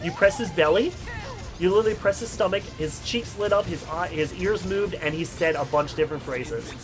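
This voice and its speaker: Fast-talking excitable young man. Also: sits high, music in the background, rough recording. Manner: excitable, rambling. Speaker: video host. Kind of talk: casual storytelling vlog.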